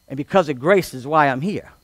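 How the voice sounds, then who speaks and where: A male pastor preaching a sermon, reading scripture and building to loud, drawn-out, emphatic shouts. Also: fairly high pitch, no echo. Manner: reads scripture aloud with commentary.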